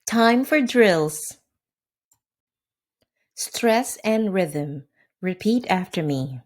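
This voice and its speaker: A woman hosting a scripted language lesson, upbeat and crisply enunciating, giving drill words slowly one at a time. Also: mid-range voice, animated, darkish tone. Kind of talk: scripted instructional narration. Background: faint background music.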